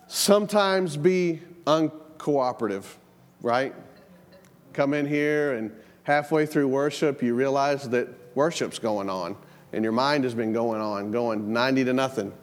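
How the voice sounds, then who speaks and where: A middle-aged man preaching a sermon in a church, in a conversational way that repeats words and tells family stories. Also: on the high side. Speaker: pastor. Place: church sanctuary. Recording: long church hall reverb.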